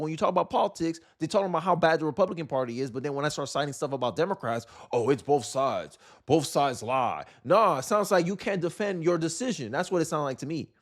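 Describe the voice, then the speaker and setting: A young man hosting his own channel, giving casual political commentary in an exasperated, rambling way with many restarts. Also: on the high side. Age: young adult.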